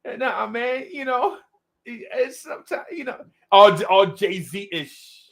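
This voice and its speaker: A man imitating a laid-back young male rapper who drawls out evasive excuses with a soft, gritty mumble. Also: very high voice, animated, slow pace, creaky, pitched above the performer's own voice, heavily acted. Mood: mumbling excuses. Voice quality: soft gritty mumble, grit at line ends.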